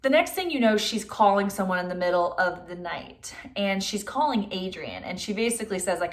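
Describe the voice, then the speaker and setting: A woman's voice: medium pitch, animated. A young adult woman casually retelling a film's plot for her channel in a chatty way, with lots of "like" fillers. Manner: chatty, says "like" a lot; acts out characters' lines in quick voices. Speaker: movie reviewer.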